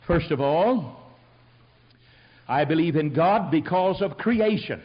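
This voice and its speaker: Folksy older Southern preacher, high voice. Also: male voice, lively intonation, slow, dull audio. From Tennessee. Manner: folksy storytelling, rising to emphatic exhortation. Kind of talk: sermon.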